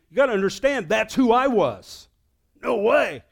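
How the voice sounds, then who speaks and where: A man preaching as pastor of his church, telling a story, dropping to a hush and then rising to loud, excited peaks. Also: high-pitched, moderate pace, gravelly. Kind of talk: sermon. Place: church sanctuary.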